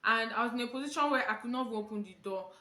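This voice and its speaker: A woman's voice: fairly high pitch, racing, echoey room. A young Nigerian woman vlogger with a Nigerian accent, telling a storytime tale and acting out quotes. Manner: animated storytelling, acting out quotes in Pidgin and Yoruba. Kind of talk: storytime vlog.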